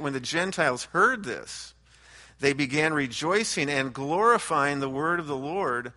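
A man preaching a verse-by-verse sermon with a bright, forceful voice. He talks earnestly, restarts his phrases, and lifts into lively voices when he quotes the scripture or the crowd. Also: mid-range voice. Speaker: pastor. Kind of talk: expository sermon.

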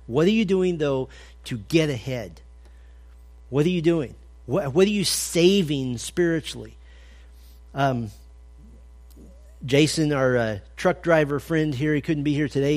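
A man's voice: medium pitch, darkish tone. A man giving a conversational sermon at a men's breakfast. He talks with energy and humor, puts direct questions to his listeners, and acts out little scenes. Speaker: men's ministry speaker.

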